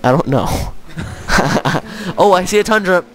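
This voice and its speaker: A man's voice: high voice, expressive, unhurried, over music. A man hosting a casual let's-play of a strategy game, joking and laughing often as he plays. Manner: playful, laughs often, jokey. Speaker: gaming channel host.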